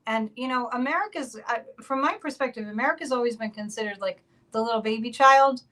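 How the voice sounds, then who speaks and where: A woman's voice: a little high, fast, sharp tone, rough recording. A woman hosting a casual spiritual podcast, chatty and laughing between remarks. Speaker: psychic podcast host.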